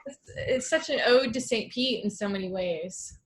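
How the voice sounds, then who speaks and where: A woman's voice: on the high side, normal speed. A woman hosting a casual interview, gushing with enthusiastic praise for her guest. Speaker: host.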